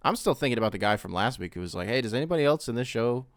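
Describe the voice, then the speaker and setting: A young man hosting a casual solo podcast, rambling and swearing, with loud bursts and mumbled asides. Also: mid-range voice, animated, racing, dry recording, clean studio sound. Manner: rambling, swears often, mimics voices in quotes. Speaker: podcast host.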